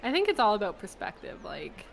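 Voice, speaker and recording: Relaxed chatty young woman. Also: medium pitch, a little fast, a little hiss or hum, rough recording. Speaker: stream guest. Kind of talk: casual chat.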